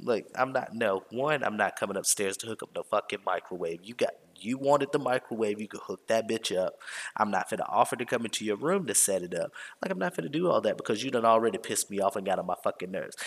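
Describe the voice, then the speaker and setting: A man hosting a podcast, swearing his way through a work story with heat and animation. His voice sits on the low side, and each phrase trails off into a long, echoing reverb. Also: quick pace. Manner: profane, heated and animated. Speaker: podcast host. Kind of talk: casual storytelling.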